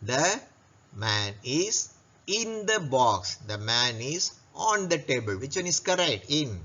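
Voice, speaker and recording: A man teaching a young children's English lesson, repeating words slowly and clearly. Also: medium pitch, very animated, sharp tone, highs cut off. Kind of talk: recorded class lesson. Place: classroom.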